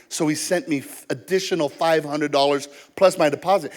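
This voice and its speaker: A man's voice: a little high, fairly even intonation, a little fast, hardly any pauses. A man preaching a sermon as pastor, telling personal stories and acting out both sides of the conversations. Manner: storytelling, acts out both sides of dialogue.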